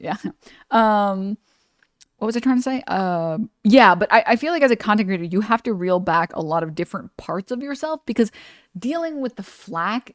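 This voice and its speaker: A blunt, animated woman streamer who swears freely. Her mid-range voice sits close and dry, with no room sound around it. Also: mid-range voice, normal speed, no room sound. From New York. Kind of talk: casual reaction stream chat.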